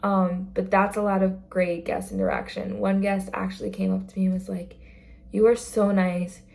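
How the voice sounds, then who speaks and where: A woman's voice: medium pitch, fairly quick, vocal fry, a little mellow. A young woman chatting casually in a vlog about her work as a theme park greeter, earnest and full of fillers. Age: young adult.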